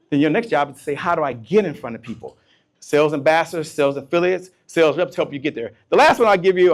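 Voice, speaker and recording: A man giving a motivational keynote to a live crowd, animated, trading call-and-response and swinging from soft asides to loud bursts. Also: fairly high pitch. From Washington, D.C. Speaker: keynote speaker.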